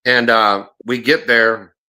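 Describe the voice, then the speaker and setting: A man's voice: medium pitch, level tone, slow, bright, forceful tone, clean tone. A middle-aged man, a former bounty hunter, telling profane stories on a podcast and acting out the people he quotes. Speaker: podcast host. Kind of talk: casual storytelling chat.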